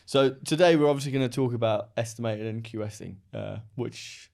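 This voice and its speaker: A man's voice: medium pitch, a little fast, creaky, a little mellow. A man with an English accent hosting a podcast interview, chatty and jokey, laughing often. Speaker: podcast host. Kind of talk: casual interview chat.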